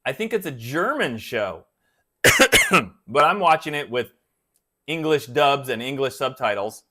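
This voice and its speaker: A man's voice: mid-range voice, huge pitch swings, unhurried, pushed and bright. A man hosting a guitar channel, chatting casually on a live stream and rambling until he loses his thread.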